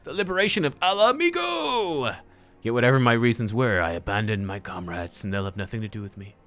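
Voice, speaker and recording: A man's voice: mid-range voice, very animated, brisk, fairly bright tone. A man voicing a brawny male resistance fighter in a drawling, stretched-out cartoon-hunk style, reading game dialogue aloud. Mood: swaggering.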